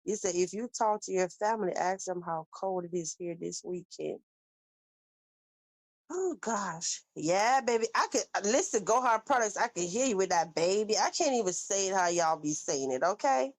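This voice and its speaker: A chatty woman hosts a casual live stream and reads viewer comments aloud. She is animated and familiar, and she keeps calling people baby. Her voice sits at a medium pitch and is recorded close and dry. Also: moderate pace, no room sound, rough recording. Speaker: livestream host reading chat.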